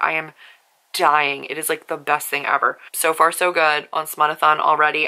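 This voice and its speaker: A young woman chatting casually in a book vlog from her bedroom, gushing and animated with quick asides. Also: fairly low pitch. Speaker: book vlogger. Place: bedroom at home.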